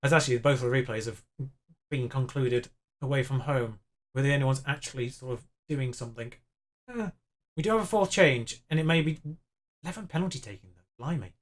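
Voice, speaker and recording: A young man commentating on his own football management game, excitable and self-mocking, pleading with the players on screen. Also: medium pitch, fairly quick. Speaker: gaming YouTuber.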